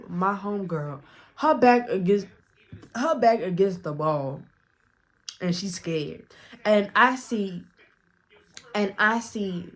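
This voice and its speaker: A woman vlogger telling a storytime in a blunt, profane way, acting out the dialogue as she goes. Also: mid-range voice. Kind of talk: casual storytime narration.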